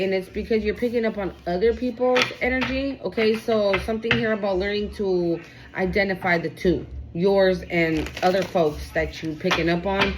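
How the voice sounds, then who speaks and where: A woman's voice: medium pitch, steady tone, moderate pace, few pauses, background noise. A woman giving a casual tarot card reading, swearing freely and checking in with "okay?" a lot. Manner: casual, profane, repeats "okay?" often. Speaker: tarot reader.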